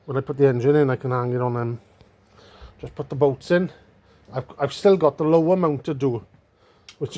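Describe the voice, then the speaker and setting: A man's voice: fairly high pitch, warm tone. Rambling man in workshop. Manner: rambling, self-mocking, chatty with fillers. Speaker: motorcycle restorer. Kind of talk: casual workshop vlog.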